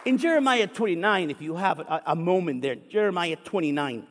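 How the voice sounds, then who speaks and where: A man's voice: high-pitched, lively intonation, a little fast, few pauses, fairly bright tone, a faint crowd. A man preaching a sermon, telling a story and reading scripture aloud with rising fervor. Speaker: pastor. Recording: echoey hall with long reverb.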